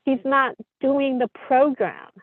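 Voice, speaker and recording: A woman's voice: high-pitched, slow pace, no room sound. Hesitant woman caller on a tinny phone line. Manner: hesitant, many fillers and restarts. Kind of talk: call-in conversation.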